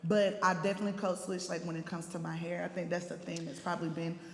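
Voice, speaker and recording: A woman's voice: lowish voice, level tone, fast talker, gravelly, roomy sound, long reverb tail, slight background noise. A young woman with an East Texas accent, speaking frankly and animatedly on a discussion panel. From Texas, USA.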